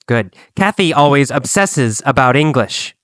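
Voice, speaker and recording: A man teaching an English lesson, speaking slowly and deliberately and repeating phrases for learners to copy. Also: medium pitch, lively intonation, a bit bright, dry recording. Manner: slow, deliberate, repetitive drilling.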